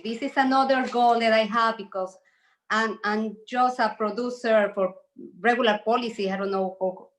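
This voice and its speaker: A woman insurance agent with a Spanish accent, talking haltingly and laughing often on a video call. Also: mid-range voice.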